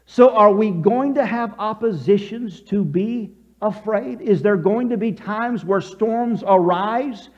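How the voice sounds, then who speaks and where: A pastor preaching a sermon, telling the story with animated quotes and leading the congregation in repeating lines. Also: male voice, sits high, takes it slowly, hardly any pauses, muffled recording.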